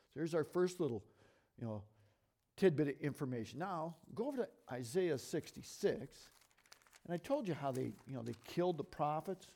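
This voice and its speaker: Fast-talking man teaching a sermon. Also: a little high, gravelly. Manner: lively, conversational, talks fast and asks the audience questions. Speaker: bible teacher.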